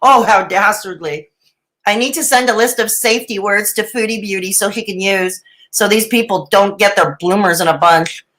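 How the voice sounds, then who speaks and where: A woman's voice: medium pitch, fairly even intonation, fairly quick, fairly bright tone, rough recording. A middle-aged woman doing live reaction commentary, sarcastic and mocking, with dramatic asides and laughs. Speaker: reaction streamer.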